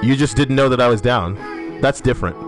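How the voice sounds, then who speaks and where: Profane, animated male game streamer. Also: mid-range voice, a little fast, over music. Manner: loud, profane, swearing constantly; animated, talking to teammates and chat. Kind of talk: casual live-stream chat while gaming.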